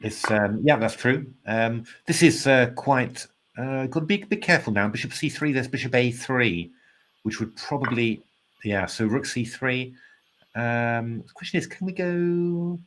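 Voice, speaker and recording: A man's voice: medium pitch, unhurried, fairly bright tone, slight background noise. A man giving casual live chess commentary, thinking aloud with lots of fillers and hesitations, polite and self-deprecating, sounding tired and yawning.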